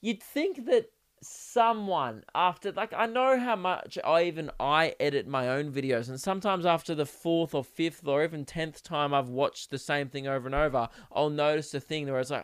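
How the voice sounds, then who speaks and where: A man's voice: fairly high pitch, normal speed, clear, resonant tone. An Australian man hosting a solo comedy podcast, ranting sarcastically and swearing in mock outrage.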